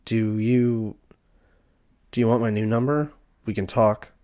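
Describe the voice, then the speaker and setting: A man's voice: on the low side, fairly even intonation, unhurried, warm tone, close to an everyday voice. A man reading aloud the earnest, apologetic lines of a young man in a story game.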